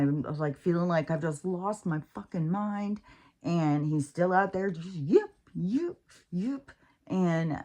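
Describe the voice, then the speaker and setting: A woman's voice: deep voice, darkish tone. A woman vlogging in a casual, rambling monologue about her spiritual life, candid and profane, with many fillers and restarts.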